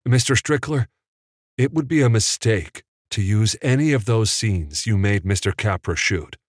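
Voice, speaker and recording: Man voicing earnest nervous young editor, stammering, low voice, dry sound. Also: moderate pace, no room sound, natural voice. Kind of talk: audiobook character voice.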